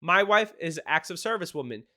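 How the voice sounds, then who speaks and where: A man hosting a casual advice show, his voice sitting high and sounding bright and forward. He talks quickly and excitedly and laughs often as he explains. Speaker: podcast host. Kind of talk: casual marriage advice talk.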